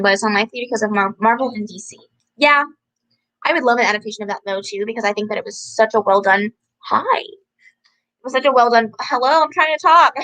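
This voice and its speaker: A young woman chatting from home, her voice bright and rather high. She talks in a bubbly, easygoing way, full of "likes" and little laughs, as she answers viewer comments. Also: rough recording. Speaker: book vlogger hosting a livestream. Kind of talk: casual chat reading viewer comments.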